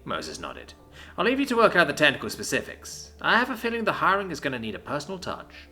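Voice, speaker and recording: A man narrating a story aloud, voicing every character himself and shifting pitch for their lines. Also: huge pitch swings, brisk. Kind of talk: scripted narration. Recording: soft music behind.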